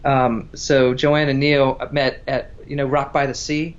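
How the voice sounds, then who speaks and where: A man's voice: medium pitch, level tone, measured pace, lo-fi sound. A man chatting casually as a guest musician, telling a story in a rambling, self-interrupting way. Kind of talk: casual livestream chat between songs.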